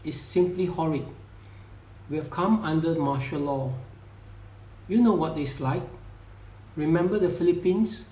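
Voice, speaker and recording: Male narrator as worried young woman student, urgent delivery, slow storybook pace. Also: fairly high pitch, mellow, reverberant, lightly acted. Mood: distressed. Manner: alarmed, urgent. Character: anxious young female student.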